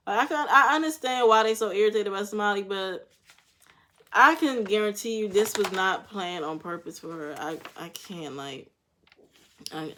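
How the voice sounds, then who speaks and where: A woman's voice: on the low side, a bit bright. A young woman talks through a reality show episode in loose, slang-filled commentary. She is blunt and swears freely, reacting with frank opinions. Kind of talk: casual commentary.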